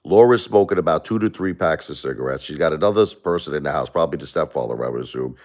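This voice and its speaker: A man's voice: very deep voice, expressive, quick pace, darkish tone. A middle-aged man hosting a livestream, talking emotionally and defensively to viewers, rambling with repeated words and restarts. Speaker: livestream host.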